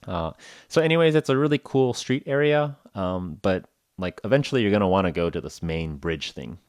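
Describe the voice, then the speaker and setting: A man's voice: sits low, expressive, brisk, no room sound, clean studio sound. A man hosting a casual English-learning podcast, talking in a rambling, jokey way full of "like" and "uh". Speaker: podcast host.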